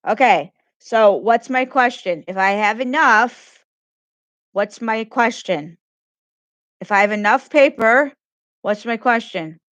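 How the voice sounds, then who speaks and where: A woman's voice: on the high side, expressive, slow, a bit bright, dry recording. A woman teacher giving a grammar lesson to children, patiently repeating questions and praising answers.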